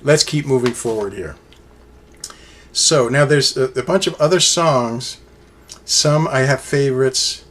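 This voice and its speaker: With a mid-range, slightly bright voice and a measured pace, a fan-reviewer chats about an album on his own. He rambles enthusiastically with many fillers, and a faint hiss or hum sits under the recording.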